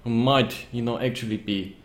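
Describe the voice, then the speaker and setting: A man's voice: medium pitch, fairly even intonation, moderate pace, roomy sound, crowd noise, close to an everyday voice. A man voicing a blunt female half-orc healer who speaks in broken grammar with an odd accent. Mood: grim, matter-of-fact.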